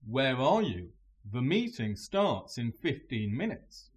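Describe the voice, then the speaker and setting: A man's voice: mid-range voice, sing-song, slow. A man voicing an impatient colleague in a scripted textbook dialogue, urging someone to hurry. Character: adult man named Wentworth, a hurrying colleague.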